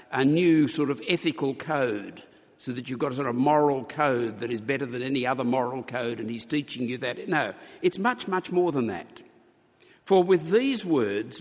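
A man preaching a sermon to his congregation, earnest and emphatic, slowing for weight and stumbling over restarts now and then. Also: mid-range voice. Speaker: pastor. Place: church. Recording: long hall reverb.

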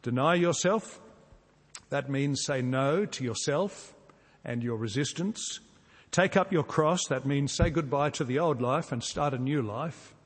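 A man preaching a sermon, earnest and emphatic, repeating key phrases and dropping suddenly soft to drive a point home. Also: mid-range voice. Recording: long reverb from a large hall.

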